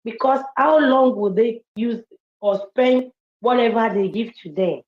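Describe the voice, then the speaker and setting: A woman's voice: a little high, unhurried. A woman asking a polite, hesitant question in an online audio chat room, repeating herself. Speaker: caller. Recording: dull roomy sound.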